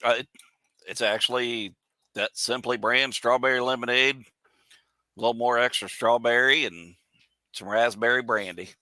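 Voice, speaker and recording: Bright, dry-sounding man chatting casually. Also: medium pitch, fairly even intonation, a little slow, long pauses, no room sound. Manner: short, easygoing replies with chuckles. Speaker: podcast co-host. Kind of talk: casual chat.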